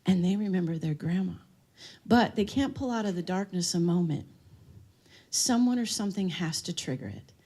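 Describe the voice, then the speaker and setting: A woman's voice: lowish voice, animated, moderate pace, dark tone. A woman giving a live seminar talk on dementia care, telling stories and asking the room questions. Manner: storytelling, asks the audience questions. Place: room with an audience.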